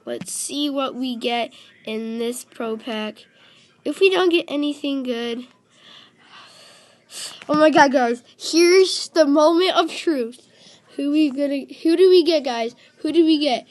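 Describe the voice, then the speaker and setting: Female gaming host, high and bright, unhurried, excitable, calls out to viewers. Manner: excitable, keeps calling out to viewers. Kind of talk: casual game commentary.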